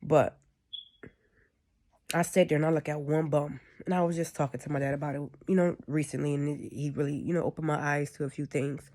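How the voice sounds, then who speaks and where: A woman's voice: deep voice, steady tone, fairly quick, warm tone. A woman giving a casual, rambling spiritual monologue, often checking in with "you know what I'm saying.". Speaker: spiritual speaker.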